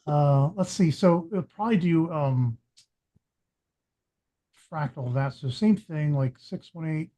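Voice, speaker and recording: A man with a somewhat high but mellow, dark-toned voice talks through a chart on a video call. He thinks aloud, reading off one number after another between frequent ums and uhs. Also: measured pace, pauses often, poor audio. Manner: thinks aloud, reads off numbers, many fillers. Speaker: chart analyst host. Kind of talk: casual chart walkthrough.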